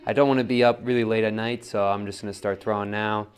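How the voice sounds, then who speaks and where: A young man casually teaching wheel throwing, coaching in a relaxed way and often checking in with "right?". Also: fairly low pitch, fast talker, smooth. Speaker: pottery teacher.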